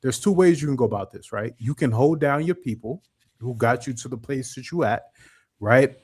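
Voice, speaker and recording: An American man co-hosting a casual podcast at an ordinary middle pitch. He talks bluntly and rambles, with heavy profanity. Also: lively intonation, normal speed, darkish tone, slightly rough. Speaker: podcast co-host.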